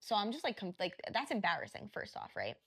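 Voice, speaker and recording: A woman co-hosting a podcast, casually telling a story in an animated, profane way and acting out what people said. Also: mid-range voice, a little fast, gravelly, husky. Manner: animated retelling, profane, acts out quotes. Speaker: podcast co-host.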